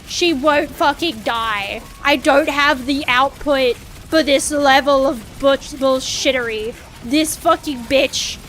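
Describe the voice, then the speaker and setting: A woman's voice: high-pitched, slow pace, fairly bright tone, soft background music. A woman streaming a game in casual chat, dramatic and whiny, swearing freely as she talks.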